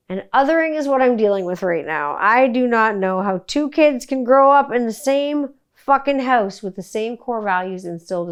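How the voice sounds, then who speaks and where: A middle-aged woman from Canada hosting a casual solo podcast, telling stories bluntly with plenty of swearing. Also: mid-range voice. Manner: blunt, profane, animated storytelling. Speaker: podcast host.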